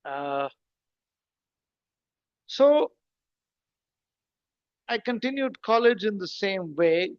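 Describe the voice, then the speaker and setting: A man, speaking as a guest. He talks conversationally, explains things step by step, and throws in rhetorical questions and lively asides. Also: a little high, smooth, dry recording, muffled recording. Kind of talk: conversational talk in an online session.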